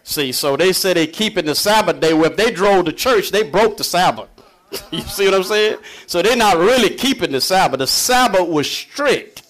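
A man's voice: sits high, lively intonation, moderate pace, fairly bright tone. A man preaching a conversational sermon, reading scripture aloud and explaining it in a folksy way, chuckling often between points.

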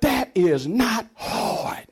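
A man with a high, very lively voice preaches a sermon. He drops low and then climbs into high shouts, laughing and joking with his congregation along the way. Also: very slow, vocal fry, slightly rough. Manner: animated preaching, swinging between low murmurs and high shouts. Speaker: pastor.

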